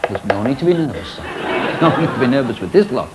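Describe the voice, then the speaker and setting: Over a noisy crowd, a magician host banters with his live audience in playful, lively stage patter. His mid-range voice moves a little fast, and the recording picks up studio audience laughter and noise.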